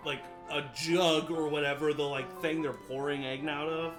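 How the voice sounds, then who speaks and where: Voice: medium pitch, little pitch movement, moderate pace. A player rambling casually about their character in a tabletop game. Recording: loud music behind.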